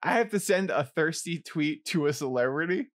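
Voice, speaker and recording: A man co-hosting a casual podcast, excitable and jumpy, swinging from mumbles to yelps. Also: fairly high pitch, moderate pace. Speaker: podcast co-host. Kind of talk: casual chat.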